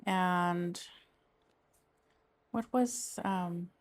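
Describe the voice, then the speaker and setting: A woman's voice: fairly low pitch, extremely slow. A middle-aged woman, chatting casually and rambling as she works on a craft project. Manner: rambling, chatty, trails off and restarts. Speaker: crafting vlogger. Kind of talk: casual chat while diamond painting.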